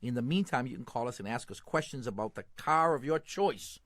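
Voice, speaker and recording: A man's voice: medium pitch, a little fast, no echo, studio quality. An older man with a Boston accent, co-hosting a radio call-in show with joking, teasing banter. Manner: lively, laughing, teasing.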